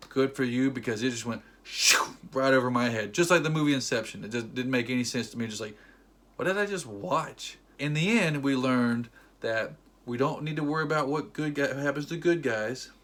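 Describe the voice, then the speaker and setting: A man's voice: mid-range voice, fairly bright tone. Sarcastic man ranting about a film. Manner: sarcastic, retells scenes in quick mimicked quotes. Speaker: movie reviewer. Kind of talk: casual rant.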